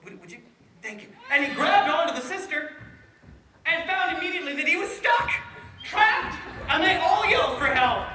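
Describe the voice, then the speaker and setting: A man telling a folk tale to a live audience, playful and animated, with asides to his listeners. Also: very high voice, moderate pace, very noisy. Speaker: storyteller. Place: indoor room with a live audience. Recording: echoey room from far off.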